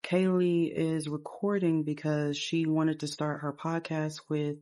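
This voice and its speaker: Brief: rambling casual game narrator, woman, lowish warm voice. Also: little pitch movement, a little slow. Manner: rambling, storytelling.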